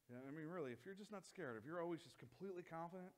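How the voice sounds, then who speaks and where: Fast-talking youth pastor man preaching. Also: fairly high pitch. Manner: animated storytelling, acts out his own voice and others'. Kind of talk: sermon. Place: church hall.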